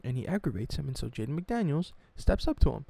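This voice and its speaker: A man telling a sports story in a mocking, animated, profane way, as a sports YouTuber. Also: fairly high pitch, fast talker, creaky, dry recording.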